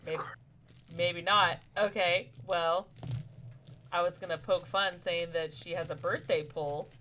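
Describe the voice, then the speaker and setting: A woman's voice: lowish voice, fairly even intonation, measured pace, fairly bright tone, slight background noise. A woman playing a tabletop game on a stream, teasing bluntly and swearing playfully into a computer mic. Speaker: player. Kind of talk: casual chat on a game stream. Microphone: computer mic on a video stream.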